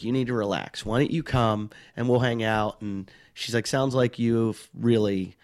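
A middle-aged touring stand-up comic, appearing as a podcast guest, chats casually at a moderate pace in a medium-pitched voice. He tells rambling, self-mocking stories and acts out the people he quotes.

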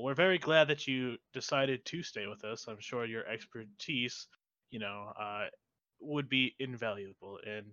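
A courteous, polite new owner, played by a man in a tabletop game. His bright, forceful voice is recorded dry and dull. He speaks formally and reassuringly. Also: medium pitch, dry recording, natural voice.

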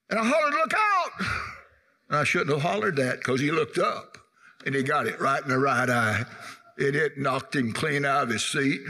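A man's voice: on the high side, pushed and bright. An older man, telling humorous stories in a church tribute, punctuated with amens. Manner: folksy anecdotes with amens. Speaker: guest speaker at a church anniversary. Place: church sanctuary. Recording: echoey church hall.

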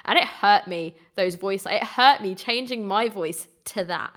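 A British woman co-hosting a casual chat podcast, animated and quick to laugh as she talks. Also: medium pitch. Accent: British English. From Britain. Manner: giggly, animated, chatty.

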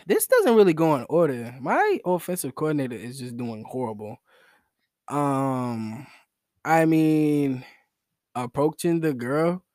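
A man's voice: on the high side, animated, a little slow, darkish tone, no echo, clean studio sound. A young man hosting a solo podcast in a rambling, slangy, self-mocking, joking way. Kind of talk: casual joking monologue.

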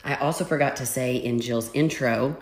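A woman's voice: rumbling low, moderate pace, roomy sound. A woman hosting an interview, affirming and asking reflective questions. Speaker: podcast host.

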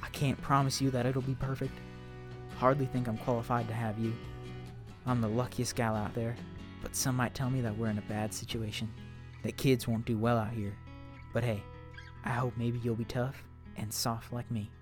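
A heartfelt Southern mother speaks to the child she hopes to meet, homespun and steady, put on by a man reading her letter. The voice sits at a middling pitch. A soft guitar plays faintly underneath. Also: moderate pace, close to an everyday voice. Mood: tender. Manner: folksy, heartfelt. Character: warm, tough southern mother writing to her unborn child. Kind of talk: reading a letter aloud in character.

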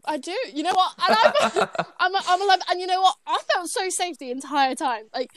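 A woman's voice: very high-pitched, brisk, a bit bright, no room sound. A woman in her twenties with a British accent, chatting casually as a guest, bubbly and rambling with frequent laughs and restarts. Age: 20s. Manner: bubbly, rambling, laughs often, self-interrupting. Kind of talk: casual chat.

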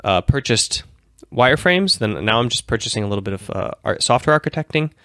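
A man's voice: mid-range voice, animated, brisk, fairly bright tone, dry recording, studio quality. A man in his thirties hosting a livestream show, talking casually in a rambling, self-correcting way. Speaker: host.

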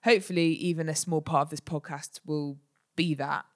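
A woman's voice: deep voice, steady tone, normal speed. A woman in her forties co-hosting a podcast, talking earnestly in casual chat. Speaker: podcast co-host.

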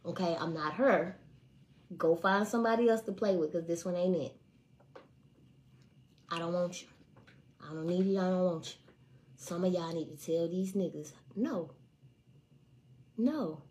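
A woman's voice: on the low side, measured pace, pauses often, a little mellow. A young woman ranting to her viewers in a profane, casual way, swearing hard and repeating lines for emphasis. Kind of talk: profane casual rant to camera.

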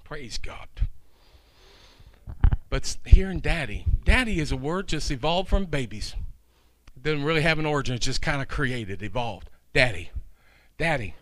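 A man's voice: on the high side, animated, normal speed, pauses often, background noise. A middle-aged man preaching a sermon, driving his points home with emphatic, repeated phrases.

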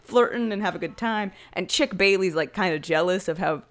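A woman co-hosting a podcast, casually retelling an old film's plot and acting out the characters' lines with animated storytelling. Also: on the low side, fairly quick. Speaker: podcast co-host. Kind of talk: casual film recap chat.

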